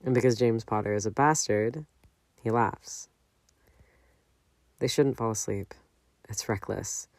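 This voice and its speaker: A man reading a fan-fiction audiobook aloud in a measured, unhurried way. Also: fairly low pitch, darkish tone, no echo. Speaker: audiobook narrator.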